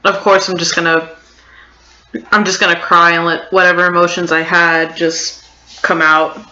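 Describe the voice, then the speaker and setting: A woman playing a tabletop game, talking haltingly with many fillers. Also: fairly low pitch, flat delivery, pushed and bright. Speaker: player. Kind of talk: tabletop role-play. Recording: muffled echoey room.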